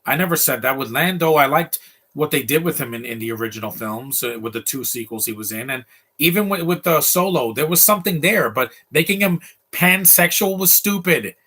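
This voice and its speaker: A man's voice: fairly high pitch, animated, fairly quick, sharp tone, husky. A man giving casual, opinionated live commentary while watching a movie, ranting freely.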